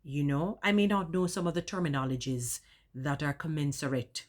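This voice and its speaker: A woman with a notably low voice talks straight to her audience in a relaxed vlog. She picks grand, elaborate words and enjoys shaping each one as she says it. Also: moderate pace. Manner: elaborate, expressive, savours long words. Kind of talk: casual vlog monologue.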